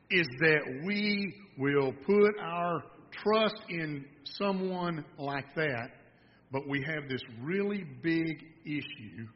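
A man's voice: a little high, a little hiss or hum. A man preaching a sermon, telling a folksy story and joking with the congregation. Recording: dull sound with long reverb in a hall.

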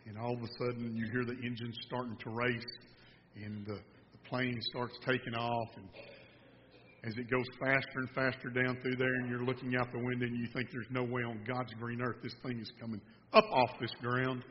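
A man's voice: mid-range voice, level tone, normal speed, slight background noise. A man preaching a sermon, telling a folksy story and joking with the congregation. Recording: dull sound with long reverb in a hall.

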